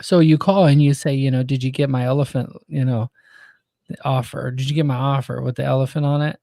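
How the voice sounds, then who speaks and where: A man's voice: mid-range voice, steady tone, fairly quick, creaky, mellow, no room sound, clean studio sound. A man hosting a podcast interview, chatting casually with plenty of fillers and asides. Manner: casual, rambling, lots of fillers. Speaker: host.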